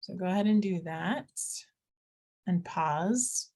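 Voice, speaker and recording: A woman's voice: lowish voice, slow pace, a little mellow. Middle-aged woman, math teacher; chatty walkthrough with playful asides. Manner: chatty, talks students through steps, playful asides. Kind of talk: recorded math lesson walkthrough.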